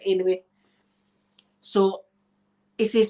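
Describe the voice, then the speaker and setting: A woman's voice: medium pitch, moderate pace. A Scottish woman, an ASMR creator, chatting casually to her viewers as she tells a story, laughing often and checking in with "right?". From Scotland.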